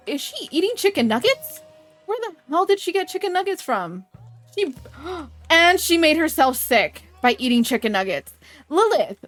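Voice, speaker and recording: A young woman chatting excitedly through a live game stream, gasping and reacting as things happen. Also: high voice, normal speed, soft background music. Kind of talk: live let's-play commentary.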